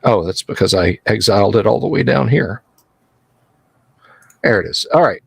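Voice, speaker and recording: A man running a tabletop game as game master, describing the scene in an unhurried, halting way. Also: fairly low pitch, vocal fry, slightly rough, no room sound, rough recording. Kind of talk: narrating a tabletop game livestream.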